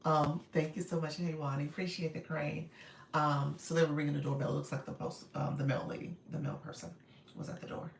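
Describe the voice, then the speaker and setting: A woman with a naturally raspy voice, a bit strained today, hosting a casual live stream and greeting viewers warmly. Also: low-pitched, little pitch movement, brisk, slight background noise. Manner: warm, encouraging, greets viewers often. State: voice a little strained. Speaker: live-stream host and coach. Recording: echoey room.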